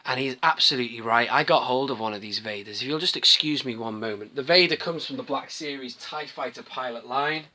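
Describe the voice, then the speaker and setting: Male collector vlogger, casual show-and-tell, crisp bright tone, enthusiastic and digressive. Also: mid-range voice, brisk, hardly any pauses. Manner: rambling, enthusiastic, restarts often.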